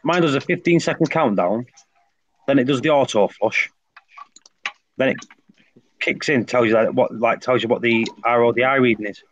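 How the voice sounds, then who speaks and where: A man's voice: mid-range voice, moderate pace, pauses often, fairly bright tone. A man, chatting casually and teasing the others as a stream guest. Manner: teasing, banter. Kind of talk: casual chat. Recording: muffled stream audio, faint noise.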